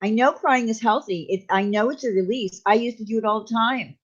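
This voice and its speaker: A woman's voice: fairly high pitch, fairly quick, muffled recording. A woman hosting a casual live chat with viewers, speaking candidly and confidingly and greeting them by name. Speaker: live stream host.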